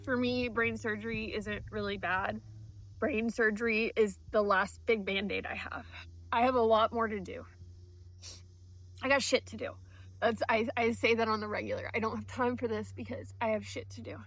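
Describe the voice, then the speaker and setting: A woman's voice: on the high side, fairly even intonation, moderate pace, a bit bright. A woman in a personal vlog, talking straight to her followers in a heartfelt, earnest way. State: tearful. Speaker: vlogger.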